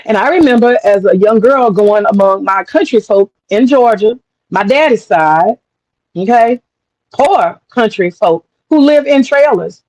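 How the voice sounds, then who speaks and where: A woman's voice: medium pitch, expressive, a little slow, a little mellow, no room sound, rough recording. A woman talking in a blunt, profane casual monologue as a commentator, acting out other people's voices as she goes.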